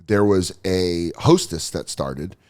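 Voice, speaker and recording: Animated man telling comic stories. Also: low voice, slow pace. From Denver. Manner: animated storyteller, acts out quoted voices. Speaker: podcast host. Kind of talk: casual comedy podcast chat.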